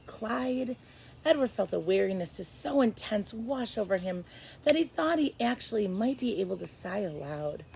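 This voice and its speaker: A woman teacher reading a chapter book aloud to first graders, expressive and stopping to explain. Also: mid-range voice, moderate pace, vocal fry, slight background noise, poor audio. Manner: expressive, stops to explain to kids.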